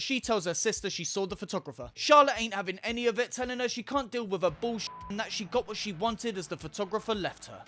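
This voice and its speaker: Sardonic, high-voiced man recapping a film. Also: a bit bright. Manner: sardonic, profane asides. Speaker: film reviewer. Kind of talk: casual narrated film recap.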